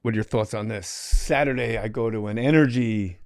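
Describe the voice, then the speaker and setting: A man's voice: on the low side, fairly quick, dry recording. Man telling stories, dry and close. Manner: animated, acts out quotes, swears freely. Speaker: podcast host. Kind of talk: casual comedic storytelling.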